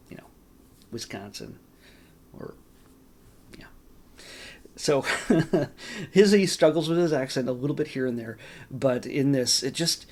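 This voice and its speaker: A man's voice: medium pitch, slight background noise. A man casually reviewing a movie for his channel, rambling with lots of fillers, restarts and caveats. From California. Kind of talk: casual spoken film review.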